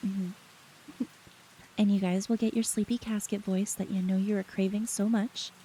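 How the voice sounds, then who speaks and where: Soft-spoken giggly woman streamer. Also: mid-range voice, flat delivery, unhurried, a little hiss or hum, poor audio. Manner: soft, giggly, reads chat aloud. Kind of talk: casual late-night stream chat.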